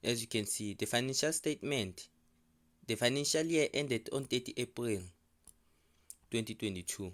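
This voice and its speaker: A man's voice: medium pitch, fairly bright tone. Man teaching accounting step by step. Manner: repetitive, restating figures slowly. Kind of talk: step-by-step tutorial explanation.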